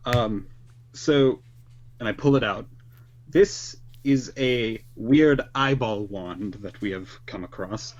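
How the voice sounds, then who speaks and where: A man's voice: medium pitch, takes it slowly, highs cut off. A man playing his character in a tabletop game over a call, polite and earnest with careful phrasing. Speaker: player.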